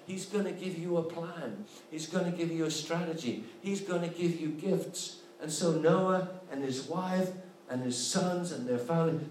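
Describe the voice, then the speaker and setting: A man preaches with emphatic, repeating refrains, his voice sitting a little higher than most men's. He sounds set back from the mic, and the room rings around him. A faint hum of ambience sits underneath. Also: darkish tone. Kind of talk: sermon. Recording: echoey room, voice from a distance.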